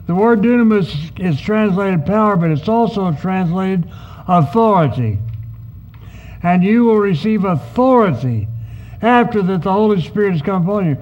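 A man preaching a sermon as pastor, teaching in a measured, emphatic way and acting out short quoted asides. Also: high-pitched, dull audio.

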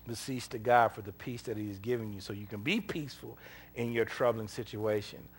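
A husky, medium-pitched male voice preaches a sermon woven from personal stories. Folksy and conversational, he's animated throughout, dramatizing the dialogue and laughing often.

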